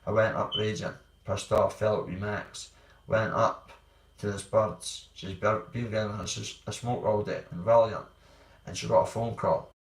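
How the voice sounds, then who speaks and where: A man's voice: fairly low pitch, fairly even intonation, normal speed. A Scottish man telling his own hard stories in a blunt, rambling way, swearing freely. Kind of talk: candid personal storytelling. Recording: roomy sound, distant from mic.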